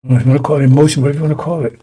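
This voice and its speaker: Guy preaching on a broadcast, kinda high, raspy gravelly voice, fiery and rambling, keeps restarting lines. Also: level tone, very fast, dark tone. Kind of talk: broadcast sermon.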